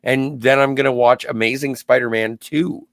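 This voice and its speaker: A man's voice: mid-range voice, normal speed, gravelly, no echo. A man co-hosting a podcast, casually giving his opinion of a film and chiming in with corrections. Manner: relaxed, chimes in with corrections. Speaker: podcast co-host. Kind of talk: casual chat, film review.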